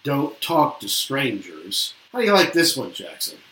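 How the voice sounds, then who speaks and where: A man talks through an album in a relaxed review chat, musing and hesitant as he quotes lines aloud. His voice sits at a middling pitch, and the room around him rings with a noticeable echo. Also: measured pace. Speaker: podcast co-host reviewing an album. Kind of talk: casual chat. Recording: roomy echo.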